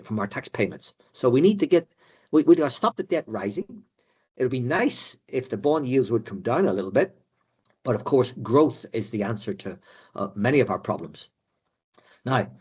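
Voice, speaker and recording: A man's voice: mid-range voice, darkish tone, slightly rough. An older man giving a conversational economics talk to a room of finance professionals, with frequent fillers and repeated words. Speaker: economic adviser lecturing finance directors. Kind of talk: live presentation to an audience.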